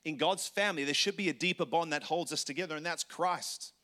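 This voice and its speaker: Man, senior pastor, sermon, bright forceful voice, conversational, self-correcting asides. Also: on the high side, a little fast.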